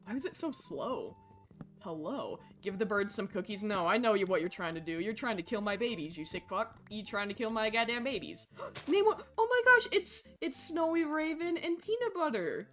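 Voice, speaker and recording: A woman streaming a game and chatting with her viewers, excitable and squealing over cute animals, swearing casually, with faint game music behind her. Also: medium pitch, normal speed. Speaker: Twitch streamer. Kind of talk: casual gaming livestream chat.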